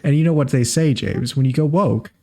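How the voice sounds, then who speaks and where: A man's voice: medium pitch, brisk, darkish tone. A man co-hosting a casual comedy podcast, throwing in dry, sarcastic quips and mock-serious asides. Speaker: podcast co-host.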